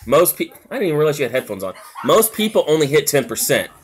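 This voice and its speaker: A man's voice: a little high, sing-song, fast, a little hiss or hum. A man from South Carolina, chatting casually on a live stream at home, rambling with lots of filler words and reading out chat comments. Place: home, with family noise around.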